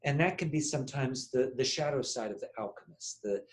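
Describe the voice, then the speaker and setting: A man's voice: medium pitch, brisk, reverberant, rough recording. A man leading a meditation workshop, playfully demonstrating phrases and changing his voice to model them. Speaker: meditation teacher. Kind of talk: guided group workshop.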